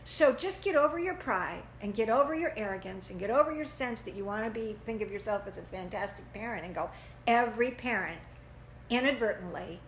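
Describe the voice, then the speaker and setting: A woman teaching a church parenting class, lively and expressive, often laughing and acting out the people she quotes. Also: mid-range voice, slight background noise. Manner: animated, acts out quotes in voices, laughs often. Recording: echoey room with faint ambience.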